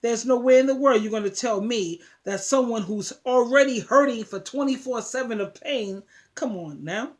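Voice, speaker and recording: A woman's voice: on the high side, normal speed. Emphatic New woman vlogger. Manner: emphatic, repeats words, preachy. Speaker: advice vlogger. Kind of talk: casual talk to camera.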